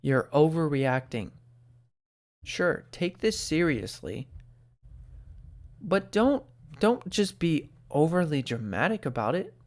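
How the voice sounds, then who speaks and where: A man hosting an opinionated commentary show, animated and sarcastic, talking close to the microphone. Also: a little high, slow pace, long pauses. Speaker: host.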